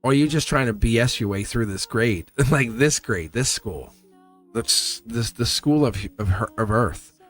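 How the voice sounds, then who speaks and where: A man's voice: mid-range voice, animated, a little slow, fairly bright tone. A man giving a live tarot reading, talking in a rambling, earnest way, laughing often and acting out quoted lines. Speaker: tarot reader. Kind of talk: live tarot reading, casual spiritual talk.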